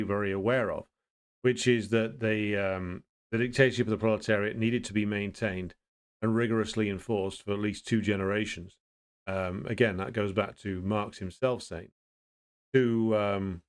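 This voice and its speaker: Low smooth-voiced man hosting a livestream. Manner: thinks aloud with frequent pauses and restarts; blunt, opinionated. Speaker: livestream host. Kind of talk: casual livestream chat, greeting viewers and answering comments.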